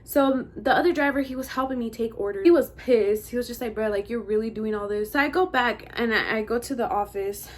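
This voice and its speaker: Young female vlogger, casual slangy storyteller, lots of "like", voice a touch high. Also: fairly quick, few pauses. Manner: chatty, slangy, heavy use of "like" and "bro". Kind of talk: casual storytime while getting ready.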